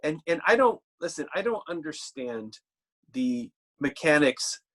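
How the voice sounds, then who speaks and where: Man preaching a halting, conversational sermon. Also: a little high, big pitch swings, fairly bright tone. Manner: conversational, halting with restarts, slows for scripture.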